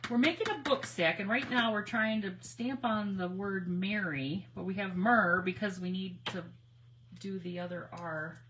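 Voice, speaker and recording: A woman hosting a casual crafting livestream on her phone, chatty and giggly, nervously excited as she talks to viewers. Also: mid-range voice, a little slow, background noise. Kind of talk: casual live crafting chat.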